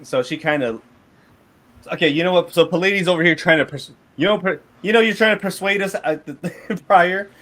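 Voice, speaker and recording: A man's voice: high-pitched, brisk, fairly bright tone. A man running a tabletop game as game master, rambling with many restarts. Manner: rambling, full of fillers and restarts.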